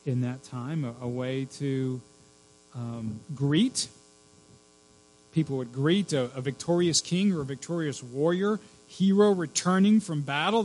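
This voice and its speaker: A male pastor delivers a sermon in a fairly high voice that roams widely, sinking to near whispers and climbing to loud shrieks to drive a point home. A faint electrical hum sits under the recording. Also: poor audio. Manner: swings from hushed to shrieking for emphasis.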